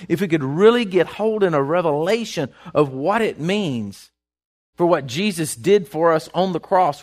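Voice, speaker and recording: Male preacher, slightly high voice, stammering repeats, asks the room if they follow. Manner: keeps asking the congregation if they follow; repeats words when restarting. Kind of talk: sermon.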